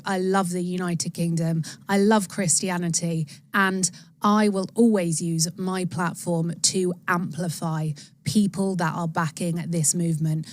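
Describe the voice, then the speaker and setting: A woman hosts a live stream, talking to her viewers with effusive, rallying enthusiasm. Her voice sits a little low for a woman. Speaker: livestream host.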